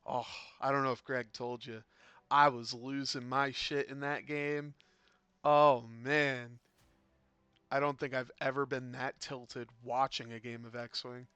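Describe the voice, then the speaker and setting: A man casually commentating a tabletop game, rambling and chatty, breaking into sudden loud excited bursts. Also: mid-range voice, takes it slowly, smooth, dry recording. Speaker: game caster.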